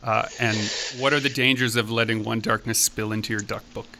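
Podcast host, male, eager explainer, bright voice, faint background noise. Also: medium pitch, a little fast, vocal fry. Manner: animated storyteller, explains eagerly. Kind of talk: casual podcast chat.

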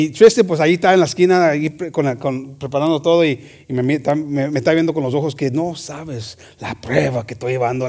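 High-voiced energetic preacher man. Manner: energetic, punctuated with amen. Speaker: preacher on church radio. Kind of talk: bilingual sermon.

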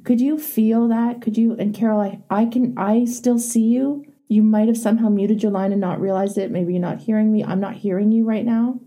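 A woman coach with a warm, mellow tone and a husky edge. She talks in a direct, encouraging way as she leads a live group session. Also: medium pitch, fairly even intonation, normal speed, hardly any pauses.

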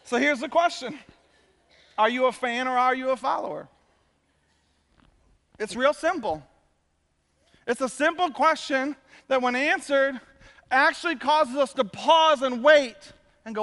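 A man, a pastor, giving a conversational and animated sermon to his congregation. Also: extremely high pitch, in a large hall. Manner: conversational, animated preaching with quick asides. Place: church sanctuary.

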